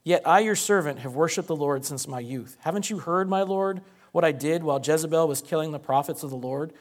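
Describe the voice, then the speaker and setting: A man's voice: a little high, a little fast, natural voice. A man voicing a frightened male servant who pleads for his life, reading the lines in a sermon with urgent emphasis. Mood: fearful pleading.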